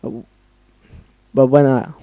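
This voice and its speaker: A man's voice: slow, no room sound, lo-fi sound, natural voice. A man doing a bubbly, murderous pink party pony. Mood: gloating. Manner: bubbly, sing-song, sweetly sinister.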